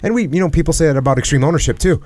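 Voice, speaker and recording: A man's voice: fairly high pitch, rapid-fire, a little mellow, no echo. A man hosting a podcast, talking earnestly in a reflective conversation and repeating phrases for emphasis. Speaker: podcast host. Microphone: headset.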